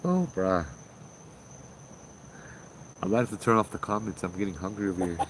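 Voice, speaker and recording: A man's voice: low-pitched, animated, normal speed, slight background noise, low-quality recording. A man telling a ghost story in a rambling, casual way on a livestream. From Hawaii. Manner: rambling, with many restarts.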